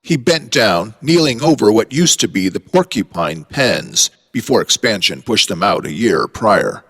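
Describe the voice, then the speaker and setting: Lively, low-voiced story narrator. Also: male voice, a little slow. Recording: long hall reverb.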